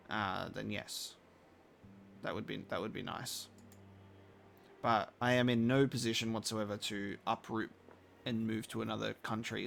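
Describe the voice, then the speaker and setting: Gravelly man with a mixed Australian-British accent. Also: on the low side, slight background noise. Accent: blend of Australian and British. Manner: relaxed, chatty, reacting to the game and to chat. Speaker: game streamer. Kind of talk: casual live-stream chat. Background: faint game music.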